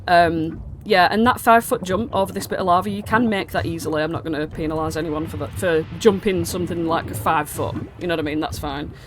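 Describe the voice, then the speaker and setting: A woman's voice: lowish voice, fairly quick, hardly any pauses, slight background noise. A woman running a tabletop game as the dungeon master, chatty and loose, stopping to work out numbers aloud.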